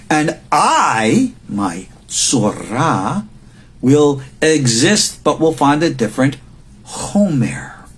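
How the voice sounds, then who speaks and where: This recorded lecture comes from a rabbi in his sixties whose husky voice sits fairly high. He speaks with emphasis, repeating words to drive points home.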